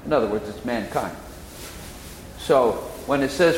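A man teaching the Bible in sermon style, slowly explaining and repeating key phrases. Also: mid-range voice. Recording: echoey hall, faint noise.

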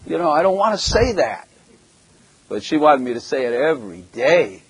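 Man, from Germany, preacher, husky voice, dry close sound, blunt and jokey. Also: on the high side, sing-song, normal speed, no echo, low-quality recording. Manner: blunt, jokey, rhetorical questions. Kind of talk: sermon with personal testimony.

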